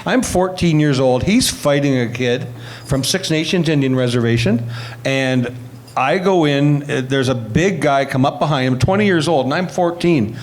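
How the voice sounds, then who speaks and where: Middle-aged former player, slightly high voice, animated anecdotal interview delivery. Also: male voice, normal speed. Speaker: retired hockey player telling stories. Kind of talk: storytelling interview.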